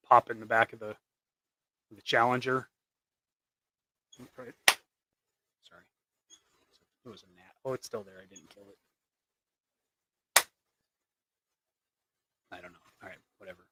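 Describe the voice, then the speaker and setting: A man's voice: mid-range voice, very noisy. A man hosting a live stream while he paints custom action figures, chatting casually with viewers in a rambling, joking way. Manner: rambling and jokey, many restarts, chatting to viewers.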